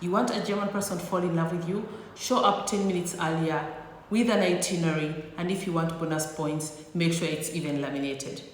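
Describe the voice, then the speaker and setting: A woman's voice: on the low side, brisk, slight background noise. Sassy woman vlogger in an echoey room. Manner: sassy, teasing, playful exaggeration. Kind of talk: comedic talk to camera. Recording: echoey room with long reverb.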